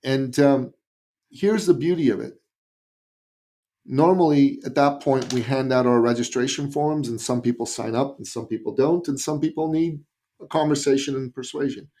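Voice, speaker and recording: Give me a Canadian man with an average-pitched voice, telling a story as a guest with lively, emphatic delivery. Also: moderate pace. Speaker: podcast guest, business coach. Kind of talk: storytelling in an interview.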